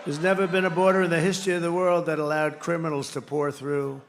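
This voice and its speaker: A man's voice: fairly high pitch, flat delivery, quick pace, a little hiss or hum. A man giving a campaign rally speech at a podium microphone, combative and repetitive, with mocking asides. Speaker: political candidate. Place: large rally venue.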